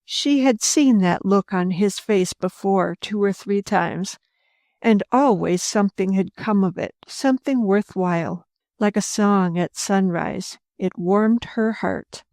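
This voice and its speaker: A woman reads a storybook aloud at a slow, measured pace, calm and even. Her voice is close-miked and dry, with no room sound. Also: mid-range voice, dry recording. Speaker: audiobook narrator. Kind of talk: scripted narration.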